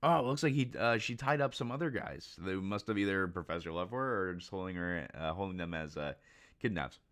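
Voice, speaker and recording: A man talks through a comic chapter live, excitable and quick to laugh. His voice sits fairly low but swings widely in pitch. He trips over words and fills gaps with lots of ums and restarts. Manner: excitable, laughs often, many fillers and restarts. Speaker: manga reaction host. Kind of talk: casual live reaction, reading aloud.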